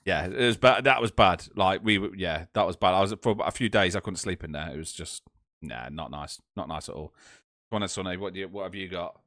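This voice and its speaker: A young man, telling a ghost story in casual podcast chat, swearing freely and laughing loudly. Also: low voice, brisk, no room sound, clean studio sound. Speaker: podcast co-host.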